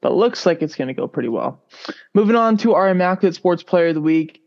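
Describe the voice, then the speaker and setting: A man co-hosting a sports podcast, talking in a relaxed, rambling way with lots of fillers. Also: sits high, fast talker. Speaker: podcast co-host. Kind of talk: casual sports podcast chat. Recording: dull lo-fi sound.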